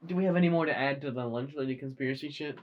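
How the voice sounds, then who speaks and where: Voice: racing, highs cut off. A young adult co-hosting a podcast in casual, playful chat with friends. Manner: playful, joking, bursts into high squeals. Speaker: podcast co-host.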